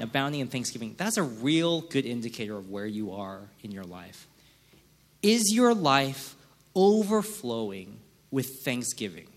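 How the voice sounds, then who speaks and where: A male pastor preaching a sermon in a church, acting out quick mock prayers and complaints. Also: mid-range voice, very animated. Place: church sanctuary.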